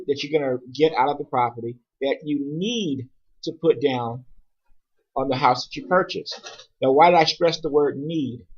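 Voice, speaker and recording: A middle-aged man, a real estate agent, giving casual advice on his podcast. He talks conversationally and often repeats and restarts words. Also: a little high. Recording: husky voice, dull lo-fi podcast audio.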